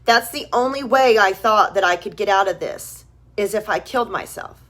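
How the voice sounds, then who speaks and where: Woman in her 30s on a live stream, earnest and emotional, middle pitch, keeps repeating herself to drive it home. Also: moderate pace, a bit bright. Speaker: vlogger. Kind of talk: live-stream heartfelt talk to followers.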